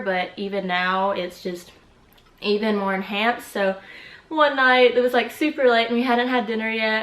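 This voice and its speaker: A woman's voice: on the high side, a bit bright. A woman in her twenties chatting casually and giggling in a pregnancy update vlog, a little out of breath. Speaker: vlogger. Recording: echoey room.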